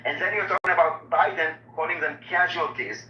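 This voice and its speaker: A man's voice: fairly high pitch, fairly quick, dull audio, background noise. A man pressing hard in a heated debate, repeating his questions and interrupting. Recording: echoey and distant.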